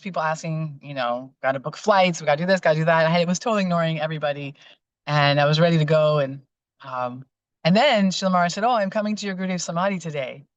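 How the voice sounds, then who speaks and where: A woman's voice: lowish voice, dry recording, dull audio. A woman telling personal devotional memories in a casual, heartfelt way, rambling with fillers and restarts. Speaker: guest sharing memories.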